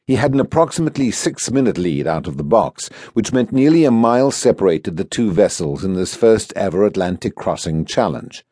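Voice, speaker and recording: A male audiobook narrator with a low voice that moves lively up and down as he tells the story. He reads in a measured, expressive way, close to the mic in a dry, dead studio sound. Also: no room sound. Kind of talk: scripted narration.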